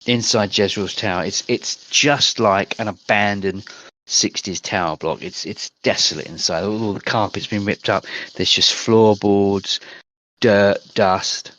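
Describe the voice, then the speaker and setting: A man's voice: on the low side, a little slow, a bit bright, dry recording. A man narrating as game master over online voice chat, describing scenes in a rambling, hesitant way.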